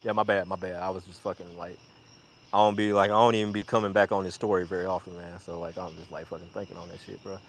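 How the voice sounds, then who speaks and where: A man's voice: flat delivery, quick pace, slight background noise. Profane man rambling through a story. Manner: profane, rambling, acts out quoted voices in a high pitch; drops to a hushed mutter when reflecting. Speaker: storyteller on a live audio chat. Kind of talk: casual storytelling.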